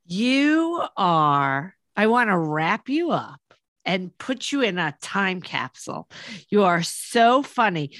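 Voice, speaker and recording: Woman, chat host, animated lively voice, dry sound, video call. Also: medium pitch, slow, dry recording.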